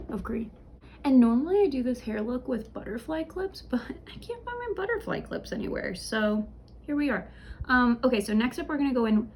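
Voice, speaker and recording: A young woman with a voice pitched a little high chats her way through a makeup look, rambling and filling pauses as she goes. A faint hiss of room noise sits under her voice. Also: a little mellow. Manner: chatty, rambling, with frequent laughs and fillers. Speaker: beauty vlogger. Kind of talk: casual makeup tutorial chat. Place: home beauty room.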